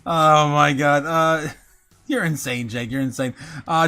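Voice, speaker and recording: Chatty male stream host, bright and a bit high, laughs a lot. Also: steady tone, a little slow, clear, resonant tone, faint music behind. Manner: giggly, filler-heavy, reads chat aloud. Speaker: livestream host. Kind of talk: casual livestream chat.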